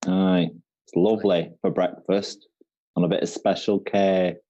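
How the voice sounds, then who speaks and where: A man's voice: deep voice, level tone, unhurried, mellow. Dry-teasing male co-host, dull lo-fi sound. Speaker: quiz co-host. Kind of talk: casual comic banter.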